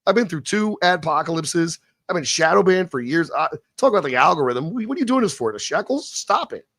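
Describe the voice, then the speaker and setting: A man's voice: fairly high pitch, expressive, a bit bright, no room sound. A man hosting a live stream, chatting casually and ranting in a profane, rambling way, then reading scripted narration. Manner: reads scripted narration slowly. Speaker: live-stream show host.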